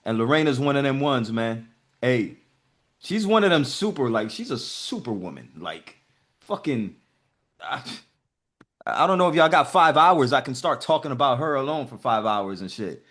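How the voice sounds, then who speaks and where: A man's voice: mid-range voice, sing-song, normal speed, a bit bright. A man hosting a group video call, giving casual motivational talk in a profane, emphatic way.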